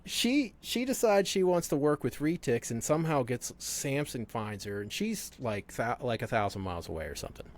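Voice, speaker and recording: A man's voice: mid-range voice, big pitch swings, measured pace. A man in casual conversation, telling stories with frequent laughter and swearing. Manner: laughs often, profane storytelling. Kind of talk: casual chat.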